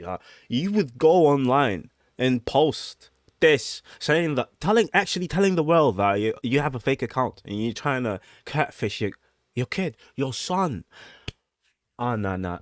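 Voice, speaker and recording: A man reacts to online posts in casual talk, emphatic and exasperated, often saying the same thing twice. His pitch moves widely, and the sound is dry with no room echo. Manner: emphatic, exasperated, repeats himself.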